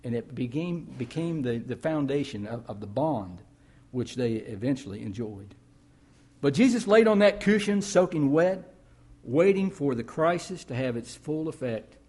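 Male pastor, husky mid voice, conversational storytelling sermon. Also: mid-range voice, animated, moderate pace, a little mellow. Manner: storytelling, conversational preaching with emphatic rises.

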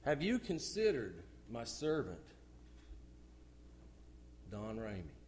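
A middle-aged man preaching a sermon in church, swinging from loud outbursts to hushed, low asides. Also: wildly swooping pitch, slow pace, a little hiss or hum.

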